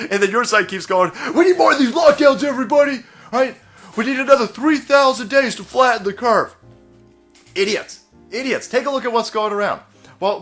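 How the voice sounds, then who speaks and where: Profane mocking American man ranting. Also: fairly bright tone. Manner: profane, mocking, mimics opponents in shrill high voice. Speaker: comedian and political commentator. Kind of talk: ranting vlog monologue.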